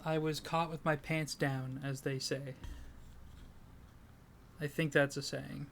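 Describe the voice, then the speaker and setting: Rambling, sleep-deprived comedic podcast host. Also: male voice, a little high, level tone, slow, gravelly, slight background noise. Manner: rambling, self-deprecating, breaks into laughter. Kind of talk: casual comedic chat.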